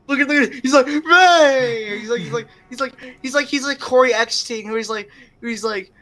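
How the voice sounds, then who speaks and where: A woman giving casual gameplay commentary, excitable and giggly, laughing constantly as she plays. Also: sits high, slight background noise. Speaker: gamer.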